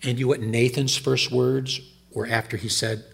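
Older male preacher, husky voice, shifts from loud emphatic delivery to quiet low asides. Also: little pitch movement, moderate pace. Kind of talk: sermon.

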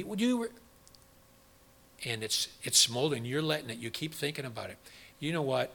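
A man's voice: mid-range voice, sing-song, moderate pace, creaky, pauses often, sharp tone. A middle-aged man preaching a sermon, asking the audience questions and acting out quoted voices. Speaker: pastor.

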